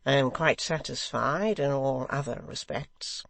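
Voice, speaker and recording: A man voicing a sly, sneering secretary who speaks in a slow, measured, mocking way with a gravelly edge. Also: mid-range voice, a bit bright, dry recording. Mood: cold sneering.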